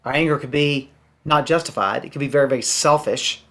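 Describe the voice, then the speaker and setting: A man's voice: mid-range voice, brisk, fairly bright tone. Earnest male pastor teaching. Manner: earnest, quotes scripture, voices sample prayers. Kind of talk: teaching sermon.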